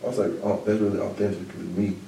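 A man hosting a podcast in casual chat, blunt and animated, talking in quick bursts. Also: fairly low pitch, vocal fry, distant mic. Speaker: podcast host. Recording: roomy echo, mic set back.

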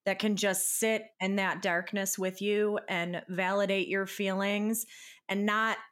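A woman's voice: medium pitch, flat delivery, unhurried, fairly bright tone. Casual woman podcast co-host. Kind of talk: casual chat.

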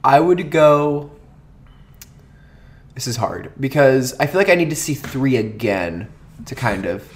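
Lively, blunt man reviewing movies. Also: medium pitch, normal speed, slight background noise. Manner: blunt, sarcastic, lively delivery. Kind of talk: casual movie review chat.

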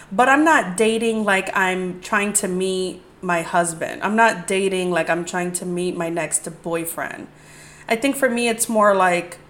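A young woman's voice, a little high and a bit bright, carries her casual storytelling podcast. As host, she recounts dating stories in a rambling, candid, profane style full of "like."

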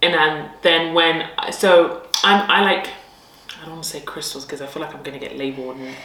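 A woman co-hosting a casual podcast, chatting in a relaxed, candid way with a slightly low voice. She sits a little back from the mic, so she sounds roomy and echoey with faint background noise. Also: moderate pace, far from the mic. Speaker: podcast co-host. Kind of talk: casual chat.

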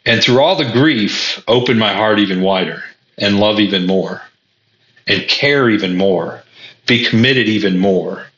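A man's voice: on the low side, unhurried, a bit bright. Earnest man musing in an echoey room. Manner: earnest, repeats words often, stumbles on restarts. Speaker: vlogger. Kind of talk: reflective personal monologue. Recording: echoey room, dull lo-fi sound.

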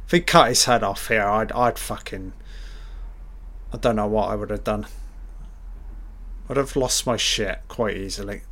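A man doing a live film reaction commentary, excitable and swearing constantly as he blurts out reactions. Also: lowish voice, a little slow, long pauses.

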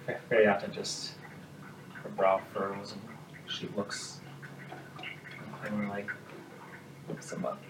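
A man's voice: fairly low pitch, monotone, takes it slowly, pauses often. A male game master narrating a tabletop game in a casual, rambling way with frequent laughs. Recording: echoey room from a distance, noisy.

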